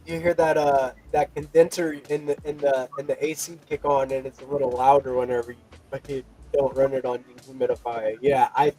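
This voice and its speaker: A man's voice: medium pitch, level tone, brisk, few pauses, warm tone, soft background music, rough recording. A man hosting a crypto news show, reading headlines and then chatting loosely with his guests, swearing and laughing easily. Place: hot room with an air conditioner running nearby.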